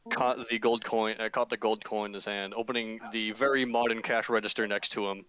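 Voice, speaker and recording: A man's voice: on the low side, steady tone, a little fast, a crowd in the background, poor audio. A man narrating as game master in a casual tabletop game with friends, rambling, full of fillers and swearing.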